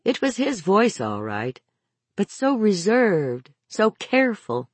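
A woman narrating a novel as an audiobook, in a measured, expressive storytelling manner. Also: mid-range voice, slightly rough, no echo. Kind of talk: scripted narration.

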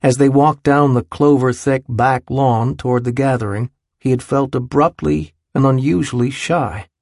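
A man narrating an audiobook in a measured, even reading style. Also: medium pitch, creaky, dry recording, clean studio sound. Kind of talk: scripted narration.

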